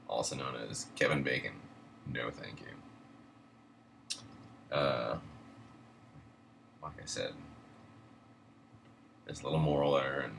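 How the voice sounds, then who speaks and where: A man's voice: rumbling low, takes it slowly, creaky, pauses often, pushed and bright, slight background noise. A man hosting a show, telling a personal story casually, stammering and swearing as he goes. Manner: stammering, swearing, laughing between lines. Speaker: host.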